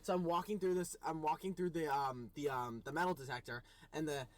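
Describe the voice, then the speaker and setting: A man from the United States telling a casual story with exasperated, animated retellings and voiced quotes. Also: on the high side, a little fast. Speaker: co-host.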